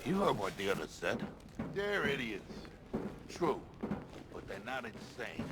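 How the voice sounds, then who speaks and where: A man's voice: mid-range voice, big pitch swings, unhurried, heavy background noise. An actor playing a male henchman thug in a video game, grumbling and gossiping with another goon.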